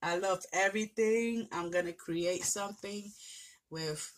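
A woman's voice: mid-range voice, unhurried. A woman vlogger, teary and emotional, gushing with thanks as she opens mail from a friend. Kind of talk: casual vlog, opening mail on camera.

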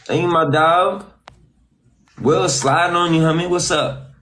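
A man's voice: on the high side, fairly even intonation, measured pace, pushed and bright. A man hosting a casual livestream, slangy and teasing as he chats with his guest. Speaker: livestream host. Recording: echoey room with faint noise.

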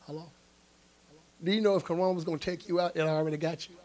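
A man preaching a sermon, leading call-and-response and rising to shouts. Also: a little high, steady tone, fast. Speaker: pastor. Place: church sanctuary.

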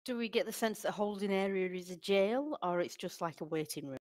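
A woman's voice: mid-range voice, fairly quick, darkish tone. A woman player at a tabletop game who asks questions in a hesitant, casual way.

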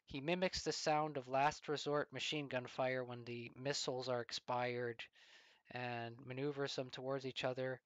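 A man of middle pitch tells a long illustrative story as commentary. He speaks deliberately and leans on rhetorical questions. The sound is dry and close. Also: flat delivery, smooth, no room sound, muffled recording.

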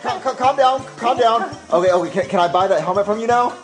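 A man's voice: high voice, fast talker, loud music behind the voice. A man playing a panicky, bumbling dad who stammers frantically in a comedy puppet skit. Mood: nervous.

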